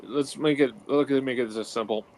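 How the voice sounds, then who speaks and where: A man's voice: medium pitch, steady tone, brisk, a little mellow. Matter-of-fact man, faint noise. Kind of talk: casual chat.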